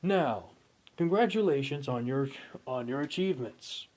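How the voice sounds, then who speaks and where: A man's voice: medium pitch, expressive, measured pace, darkish tone, pitched above the performer's own voice, close to an everyday voice. A man voicing a glowing energy orb that hands out quests and speaks in a formal, announcing way. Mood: brisk.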